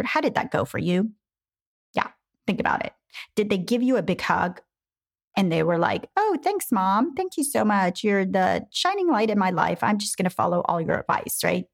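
A woman's voice: lowish voice, gravelly. A woman coaching parents in an emphatic advice talk, acting out quoted voices now and then.

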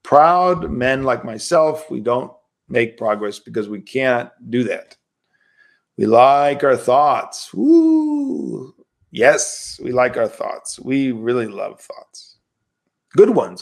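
A man's voice: medium pitch, slow, creaky. A man, a priest, giving a livestreamed spiritual lecture in a conversational, emphatic way, often asking rhetorical questions.

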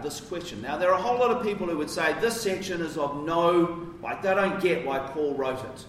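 A man's voice: a little high, a little hiss or hum. Conversational man preaching in an echoey church. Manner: conversational, emphatic asides. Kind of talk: sermon. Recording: roomy echo from a distance.

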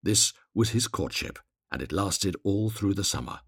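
A man reading a fairy tale aloud, expressive and gently dramatic. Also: deep voice, moderate pace, slightly rough, no room sound, studio quality. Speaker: narrator.

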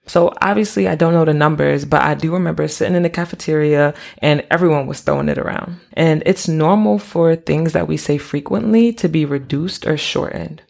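A young adult woman hosting a podcast, explaining things in a relaxed, conversational way with casual slang and asides. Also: deep voice, a little fast, creaky, hardly any pauses. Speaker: podcast host.

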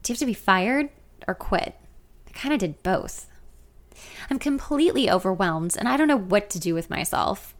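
A woman's voice: mid-range voice, expressive, moderate pace. A woman in her thirties reading her own memoir aloud in the first person, candid and conversational. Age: 30s. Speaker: author narrating her memoir.

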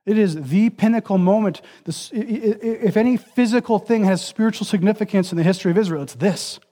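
High-voiced man preaching earnestly. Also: brisk, dark tone. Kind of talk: sermon.

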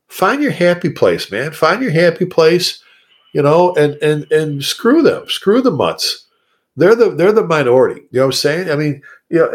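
A man who is a fire chief, giving leadership advice in a podcast interview. He talks in an animated, repetitive way and addresses listeners directly. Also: a little high.

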